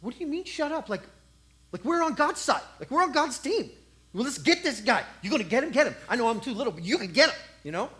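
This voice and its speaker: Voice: medium pitch, sing-song, fast talker, a bit bright, voice pushed up. A preacher voicing an eager, breezy young shepherd boy in a sermon retelling. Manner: breezy, chipper, unbothered.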